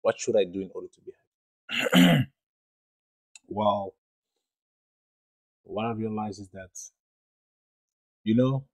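A man's voice: lowish voice, slow pace, long pauses, no echo, poor audio. A young man hosting a podcast, telling a true story in an earnest, rambling way, with many fillers and repeated phrases. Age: young adult. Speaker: podcast host. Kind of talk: storytelling monologue.

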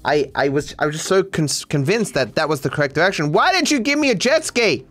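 A man's voice: a little high, animated, brisk, fairly bright tone, faint music behind. Sarcastic Australian man streaming a game. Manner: sarcastic, swearing, addresses chat. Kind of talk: live gameplay commentary.

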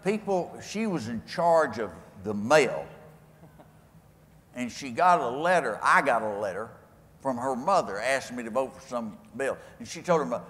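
A man's voice: mid-range voice, lively intonation, moderate pace, fairly bright tone. An older man with a West Texas accent, telling folksy, rambling stories with homespun sayings to a live audience. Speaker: guest speaker. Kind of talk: storytelling talk to a live audience. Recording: echoey hall with faint ambience.

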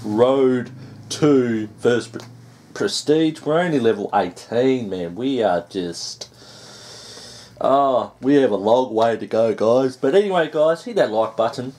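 Man, gameplay commentary, lively swooping pitch, excitable and swearing. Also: slow. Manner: excitable, swears and groans at setbacks. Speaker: gaming YouTuber.

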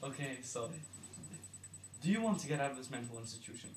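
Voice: mid-range voice, expressive, fairly quick, natural voice. Someone playing a flustered, giggly institution worker. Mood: questioning. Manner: questioning, exasperated, giggly. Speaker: institution staffer questioning patients. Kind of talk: amateur comedy sketch. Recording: echoey, distant, noisy room.

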